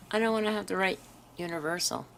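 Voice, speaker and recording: A woman hosting a craft video, chatting to viewers while she swatches pens and dropping into soft half-whispered asides. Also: mid-range voice, noisy background. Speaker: craft channel host. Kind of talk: casual swatching narration.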